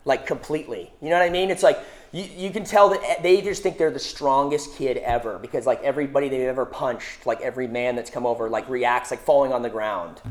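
A young man preaching a conversational sermon, asking rhetorical questions and speaking casually with many fillers. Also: medium pitch.

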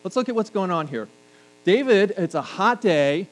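A man's voice: high-pitched, animated, moderate pace, poor audio. A middle-aged man preaching a sermon, talking to the congregation conversationally and tossing in jokes. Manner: conversational, joking asides to the congregation. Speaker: pastor. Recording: faint mains hum.

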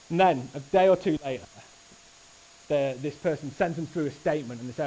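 Earnest, animated preacher man, slightly high. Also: fairly quick, a little hiss or hum, low-quality recording. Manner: earnest, animated, with frequent restarts. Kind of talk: sermon. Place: church service.

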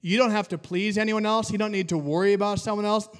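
A man's voice: sits high, steady tone, fast talker. A man preaching a sermon as pastor, mixing humorous family stories with teaching and acting out bits of dialogue.

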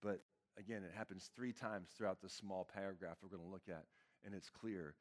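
A man's voice: deep voice, fairly even intonation, fairly quick. A young man, a pastor giving a casual, chatty sermon with lots of fillers.

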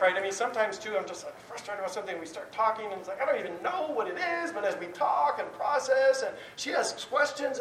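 A man's voice: high-pitched, fairly bright tone. A man giving a conversational sermon, talking candidly in a rambling way with many restarts. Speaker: speaker giving a talk on prayer. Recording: roomy, distant, faint noise.

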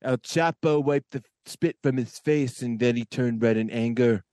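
A boastful, rambling older politician, as a man puts him on, telling a tall tale full of self-corrections. The voice sits at a middle pitch. The sound is close and dry. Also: normal speed, dark tone, no room sound, lightly acted. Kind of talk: comedy impression narrating a story.

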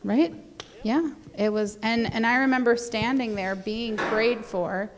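A woman's voice: fairly high pitch, measured pace, long reverb tail. A young adult woman chatting casually as a guest, rambling with fillers and little laughs. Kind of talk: casual conversation.

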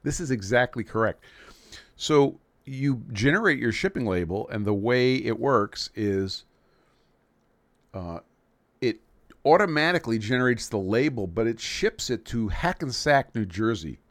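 A man's voice: mid-range voice, expressive, a little slow, no room sound. Rambling, joking man hosting a livestream. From New York City. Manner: rambling and joking, with frequent restarts. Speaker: livestream host. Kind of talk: casual livestream chat.

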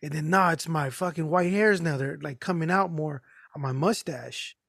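A man's voice: fairly high pitch, moderate pace, creaky, a bit bright, no echo, studio quality. A middle-aged man telling stories in a casual, profane podcast chat, laid-back and acting out the people he quotes. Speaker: podcast co-host.

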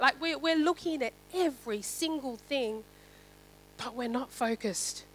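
A woman's voice: sits high, moderate pace, poor audio. A woman preaching a sermon in a conversational way, often checking in with "right?". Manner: conversational, asks "right?" often, some fillers.

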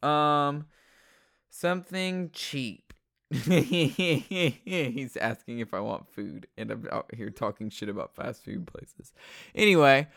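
A podcast host in a casual rambling monologue, swearing freely and telling stories in an animated way with many fillers and restarts, talking at a desk indoors. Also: medium pitch, slow pace, vocal fry, dry recording, studio quality. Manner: profane, ranting storyteller.

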